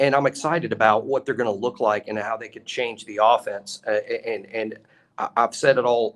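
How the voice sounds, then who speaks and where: A man co-hosting a sports talk show, talking in an animated, emphatic way with a lot of repetition. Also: on the low side. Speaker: co-host.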